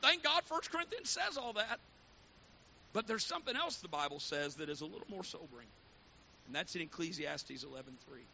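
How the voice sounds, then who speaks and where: Brief: male preacher, very high and piercing, fervent sermon, dull lo-fi recording with faint hiss. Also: animated, normal speed, gravelly. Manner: fervent, swinging from hushed to shouting. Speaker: pastor.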